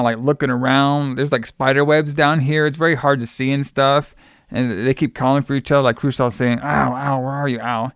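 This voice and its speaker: A man's voice: on the high side, a bit bright, smooth, no room sound, clean studio sound. A man casually recapping a film plot for a podcast, rambling with fillers and playful asides. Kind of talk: casual movie recap chat.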